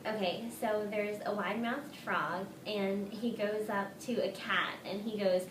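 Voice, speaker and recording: A woman's voice: medium pitch, steady tone, unhurried. A woman playfully telling a joke to friends. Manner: storytelling, playful. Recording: roomy, distant, faint noise.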